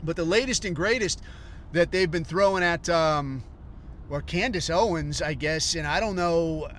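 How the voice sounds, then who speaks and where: A man's voice: on the high side, unhurried, fairly bright tone, a little hiss or hum. Profane rambling man ranting. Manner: rambling, profane, mocking impressions of others. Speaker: podcast host.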